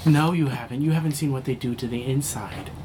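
A man's voice: mid-range voice, fairly quick, background noise, close to an everyday voice. An actor playing a feverish male survivor in a tabletop game, frantic and insistent. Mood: panicked.

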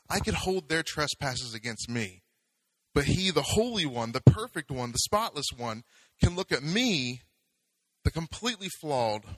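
A man's voice: medium pitch, fairly bright tone, dry recording, poor audio. A man preaching a sermon as pastor, talking conversationally and building to fervent exhortation.

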